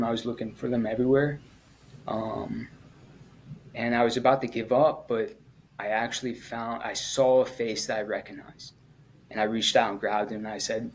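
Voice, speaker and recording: A man, a former Marine, telling his story in an interview in a halting, earnest way, with frequent pauses and restarts. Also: mid-range voice, steady tone, slight background noise, rough recording. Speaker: guest, former Marine at the Kabul airport evacuation.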